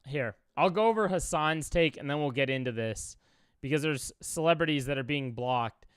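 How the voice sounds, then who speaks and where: A man's voice: on the high side, normal speed, smooth, no room sound, studio quality. A young man from Chicago, a streamer reacting to clips, talking in an emotional, rambling way with many fillers.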